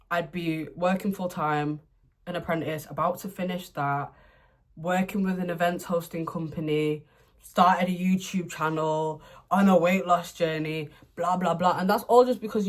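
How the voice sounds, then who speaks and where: A young woman talks through her makeup routine in a casual chat at home. She is chatty and playful, laughing often and now and then breaking into excited outbursts. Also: lowish voice. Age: young adult. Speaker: beauty vlogger. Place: home room, indoors.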